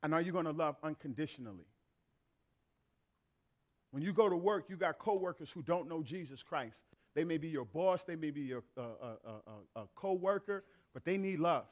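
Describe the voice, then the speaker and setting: High-pitched middle-aged male pastor, lively storytelling preacher in a church. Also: normal speed, highs cut off. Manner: animated storyteller acting out family dialogue. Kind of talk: sermon with comic anecdotes. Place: church sanctuary.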